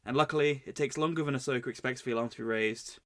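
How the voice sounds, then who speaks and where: Male podcast co-host, wry deadpan recapper. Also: mid-range voice, racing. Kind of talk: casual book recap.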